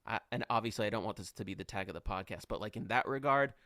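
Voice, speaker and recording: A man's voice: fairly low pitch, quick pace, sharp tone, no echo, clean studio sound. Rambling young man telling a story. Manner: rambling, heavy on "like", acts out quotes. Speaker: podcast guest. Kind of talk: casual storytelling.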